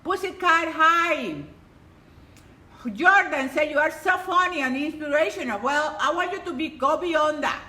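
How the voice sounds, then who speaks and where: A woman leading a live-streamed workout class as instructor, energetic and exclamatory, cheering and greeting her viewers. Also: sits high, measured pace. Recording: echoey room with loud music. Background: loud music.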